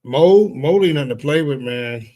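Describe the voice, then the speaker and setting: A man's voice: mid-range voice, expressive, normal speed, mellow, rough recording. A man chatting casually on a podcast in a laid-back way, swearing freely. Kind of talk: casual chat.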